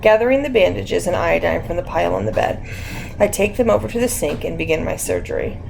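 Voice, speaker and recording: A woman reading a mystery novel as an audiobook, measured and dramatic. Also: lowish voice, lively intonation, creaky, darkish tone, a little hiss or hum, low-quality recording. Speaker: audiobook narrator. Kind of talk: scripted narration.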